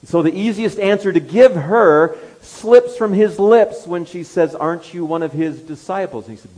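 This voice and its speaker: A man's voice: sits high, expressive, moderate pace, few pauses, a little mellow, slightly rough, rough recording. A man preaching an expository sermon, telling the story with animation and acting out the quoted lines.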